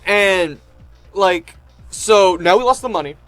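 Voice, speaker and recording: A man casually recapping an anime arc as a reviewer, rambling with lots of "like" and "um" and gushing with fan excitement. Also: sits high, takes it slowly, faint music behind. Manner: rambling, heavy on fillers and "like". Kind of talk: casual retrospective chat.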